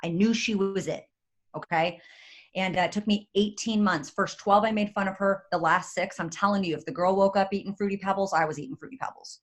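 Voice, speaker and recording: A woman, giving an excitable, chatty motivational talk on a video call and speaking straight to her audience. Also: medium pitch, fairly quick. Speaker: guest speaker.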